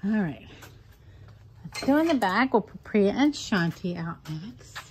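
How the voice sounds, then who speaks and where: A woman who runs a fox rescue, chatting casually to her foxes outdoors in cooing baby talk, with soft asides in between. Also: mid-range voice, sing-song, unhurried, noisy background. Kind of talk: casual vlog talking to pet foxes.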